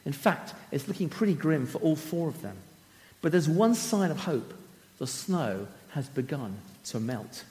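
A man's voice: fairly high pitch, expressive, measured pace, darkish tone, long reverb tail. A man giving a talk who vividly and dramatically retells a children's story.

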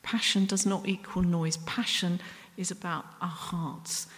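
A woman's voice: fairly low pitch, flat delivery, a bit bright. Woman preaching in a reverberant hall. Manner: earnest, self-deprecating, pauses and restarts. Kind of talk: sermon.

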